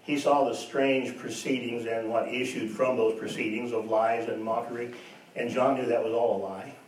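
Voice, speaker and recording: Through a faraway mic in a reverberant church with slight background noise, a man delivers a sermon in a level, mid-range voice at a moderate pace. He's an earnest, emphatic pastor who repeats his points and asks the congregation rhetorical questions.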